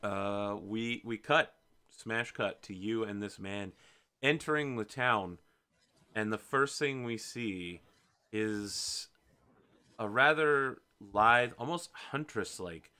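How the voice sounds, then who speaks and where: Slow-talking man running a tabletop game. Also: fairly low pitch, bright, forceful tone, smooth. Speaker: game master and host.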